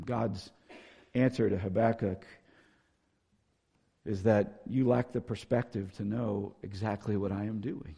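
A man delivers a sermon in a gravelly voice with a husky edge. He speaks earnestly, swelling with force as he reads scripture aloud and settling lower as he reflects. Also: fairly even intonation, unhurried, pauses often, warm tone, long reverb tail. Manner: earnest, rising to emphatic when reading scripture. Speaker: pastor.

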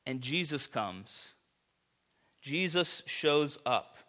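Bright-voiced preacher man. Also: fairly high pitch, extremely slow. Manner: conversational, animated preaching with fillers. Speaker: pastor. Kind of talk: sermon.

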